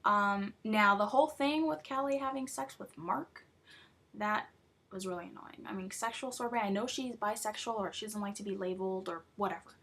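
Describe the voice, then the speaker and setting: A young woman vlogging casually, chatty and rambling, full of fillers and excited asides. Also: medium pitch, moderate pace. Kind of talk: casual chat about a TV show.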